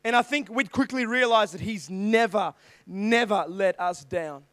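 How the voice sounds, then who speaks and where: A man preaching a youth sermon, digressing freely and reading scripture in sudden loud, forceful bursts. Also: high-pitched, measured pace, no echo. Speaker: youth pastor.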